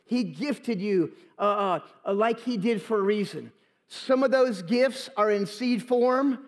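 Pastor guy preaching slow at a sunday service, kinda high voice, repeats himself a lot. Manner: repeats phrases for emphasis, stammers on restarts. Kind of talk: sermon. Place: church during a live Sunday service. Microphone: handheld or stand microphone.

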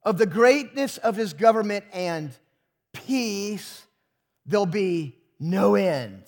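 A man's voice: high-pitched, lively intonation, takes it slowly, a little mellow. A pastor preaching a sermon to his congregation, emphatic and full of rhetorical questions.

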